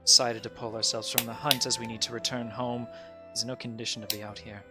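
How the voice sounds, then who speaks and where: A man's voice: mid-range voice, fairly quick, over music, close to an everyday voice. Man voicing a curt stern swordswoman. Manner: curt, flat, dismissive. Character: stern impatient woman warrior with longsword.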